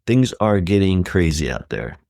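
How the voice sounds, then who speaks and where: A man hosting a podcast, chatting casually and reading news items with lively emphasis. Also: low voice, normal speed, vocal fry, no room sound, clean studio sound. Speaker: podcast host.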